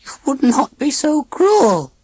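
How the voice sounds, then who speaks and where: A prim, stiff alien robot posing as an elderly great-aunt, put on by an audiobook reader. The voice sits well above the reader's own, slightly breathy, and swoops in a lively way over every formal, oddly stressed phrase. Dry and close, with no room around it. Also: mid-range voice, moderate pace, no echo, pitched above the performer's own voice. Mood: pleading. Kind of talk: audiobook character voice.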